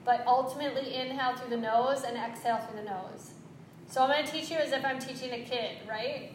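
A woman teaching yoga breathing, giving gentle, encouraging cues with quick asides. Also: high voice, reverberant, a little hiss or hum, rough recording. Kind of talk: guided breathing instruction.

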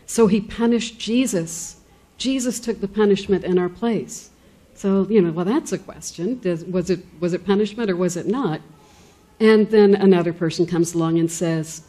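Chatty woman lecturing with a mellow voice. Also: medium pitch, normal speed. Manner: conversational, many fillers and restarts, acts out quoted speakers. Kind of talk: informal lecture.

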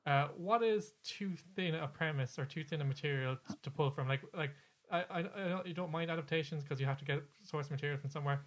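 A man's voice: on the high side, fast talker. Rambling male podcast co-host. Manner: rambling, with many fillers and restarts. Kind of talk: casual podcast chat.

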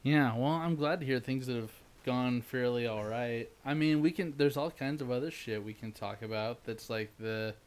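A man's voice: mid-range voice, normal speed, hardly any pauses, clean tone. Laid-back man chatting with friends. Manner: rambling, laughs often, fillers like "like". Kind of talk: casual chat among friends.

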